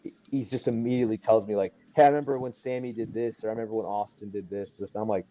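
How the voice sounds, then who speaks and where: In a dull, lo-fi recording, a young wrestler appearing as a guest tells a story in casual chat, his lowish, dark voice fast and steady. He rambles, uses lots of fillers, and acts out what people said.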